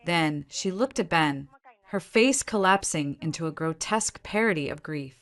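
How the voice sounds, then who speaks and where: A woman with a somewhat low voice narrates a scripted first-person drama. Her delivery is tense and vivid, and it stays steady from line to line. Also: moderate pace.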